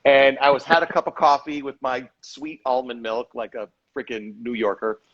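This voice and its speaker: A tired man muses and rambles in a casual live video chat. His voice sits in a middling pitch and comes through slightly dull call audio. He pokes fun at himself as he talks. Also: flat delivery, moderate pace, a bit bright. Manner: reflective, rambling, self-deprecating. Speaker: actor and director, guest.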